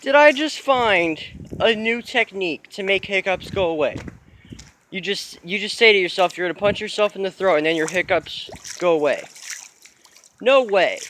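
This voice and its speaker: High-voiced young man vlogging outside in wind. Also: a bit bright. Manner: incredulous, exclaiming, laughing in disbelief. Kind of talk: casual vlog talk to camera. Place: outdoors while walking, windy. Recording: windy outdoor noise.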